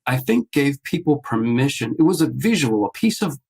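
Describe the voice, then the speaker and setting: Man, gravelly, casual storytelling, podcast guest, video call. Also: medium pitch, moderate pace, low-quality recording. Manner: animated storyteller acting out quotes, many restarts.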